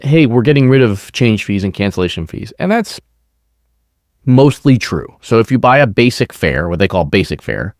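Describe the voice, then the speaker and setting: A man co-hosting a podcast, explaining airline fare changes in a measured, conversational way. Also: lowish voice, big pitch swings, no room sound, studio quality. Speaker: podcast co-host. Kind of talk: casual podcast discussion.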